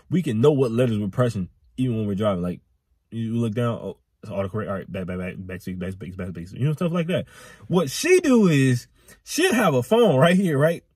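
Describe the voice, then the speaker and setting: Animated young man telling a wild story. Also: mid-range voice, a little fast, slightly rough, dry recording, studio quality. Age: young adult. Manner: animated, rambling, repetitive slang. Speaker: vlogger. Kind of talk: storytime vlog.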